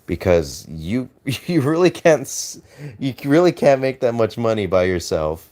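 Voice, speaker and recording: This Australian streamer talks casually with viewers, answering chat in a hesitant, rambling manner full of restarts and fillers, and he laughs and swears readily. His mid-range voice is sing-song and darkish, never hurried.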